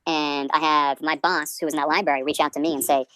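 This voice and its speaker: A man's voice: a little high, flat delivery, fast, bright, forceful tone, a little hiss or hum. A male comedian in his twenties hosting a podcast, rambling through tangents in a self-deprecating way.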